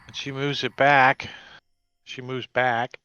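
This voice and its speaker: A man's voice: medium pitch, little pitch movement, slow pace, pushed and bright, clear, resonant tone, dull audio. A man running a tabletop game as game master, making matter-of-fact rules calls. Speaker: dungeon master.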